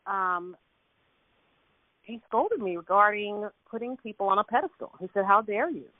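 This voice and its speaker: A woman's voice: medium pitch, moderate pace, no room sound. A woman on a coaching call, retelling a conversation with lots of laughter and quoted dialogue. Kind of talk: casual storytelling chat. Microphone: phone. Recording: tinny phone line.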